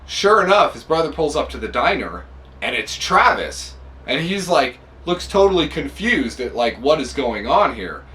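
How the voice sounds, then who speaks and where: A man hosting a podcast who retells a story in a casual, animated way, with many fillers. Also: medium pitch, normal speed, far from the mic, rough recording. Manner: animated, relaxed, filler-heavy. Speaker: podcast host.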